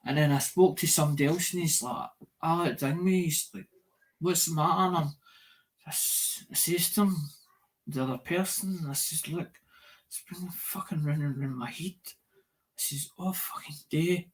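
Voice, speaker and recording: A man chats loosely on a livestream. His voice sits a little high for a man. He circles back on his own words, stumbles over them and swears freely. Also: moderate pace. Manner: repetitive, swears a lot, loses track of words. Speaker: livestream host. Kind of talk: rambling casual livestream chat.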